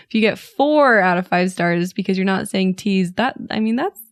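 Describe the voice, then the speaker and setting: A woman with a Utah accent hosting a podcast in a chatty, self-deprecating way, her voice a little hoarse and raspy. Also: medium pitch, animated, moderate pace, no echo. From Utah, USA. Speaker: podcast host. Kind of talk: casual podcast chat.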